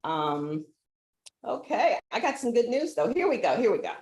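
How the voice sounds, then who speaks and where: A woman's voice: a little high, big pitch swings, moderate pace, darkish tone, reverberant. A woman hosting a casual live stream from a relative's house, chatty, laughing and easily sidetracked. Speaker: livestream host.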